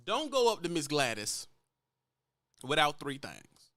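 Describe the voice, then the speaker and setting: Blunt Louisiana trucker, lively high voice. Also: male voice, a little slow, dry recording. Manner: blunt, profane, lecturing. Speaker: truck driver vlogger. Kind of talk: ranting vlog monologue.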